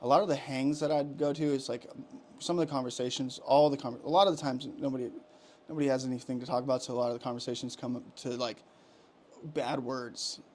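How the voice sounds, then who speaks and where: A man's voice: mid-range voice, fairly even intonation, fast, a little mellow, a little hiss or hum. A man in his thirties ranting heatedly on a podcast, profane and rambling, with many restarts. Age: 30s. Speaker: podcast co-host. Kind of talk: casual ranting chat.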